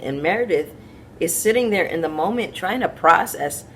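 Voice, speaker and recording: Low-pitched lady doing a casual tv recap, chatty and opinionated, kinda talking right at you. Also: animated, moderate pace, fairly bright tone, slight background noise. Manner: chatty, opinionated, addresses viewers directly. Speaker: reality TV recap vlogger.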